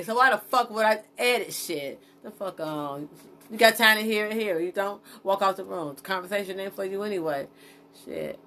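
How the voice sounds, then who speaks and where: A woman speaks at normal speed in a medium-pitched voice with a bright, forceful tone. Alone on her podcast and speaking off the cuff, she rambles, curses frankly, restarts often, fills gaps with fillers, and talks to herself while checking her notes.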